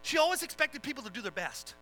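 High, bright-voiced male preacher. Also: big pitch swings, fast talker, soft background music, poor audio. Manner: earnest, swelling into dramatic retelling. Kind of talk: sermon with storytelling.

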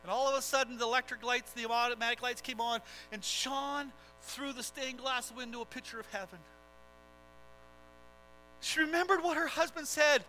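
Male preacher, very high voice, impassioned storytelling, faint music behind. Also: steady tone, normal speed, bright, forceful tone, low-quality recording. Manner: impassioned, swelling emphasis. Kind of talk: dramatic sermon storytelling.

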